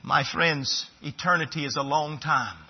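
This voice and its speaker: High-voiced preacher, husky, echoey hall. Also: male voice, unhurried. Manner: swings from loud pleading to hushed earnest speech. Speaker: pastor. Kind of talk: sermon. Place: church sanctuary. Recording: echoey church hall, dull lo-fi sound.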